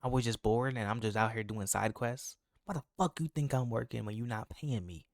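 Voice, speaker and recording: A man's voice: medium pitch, brisk, no room sound, studio quality. A man hosting a reaction video, commenting in a heated, emphatic, profane way. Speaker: reaction channel host.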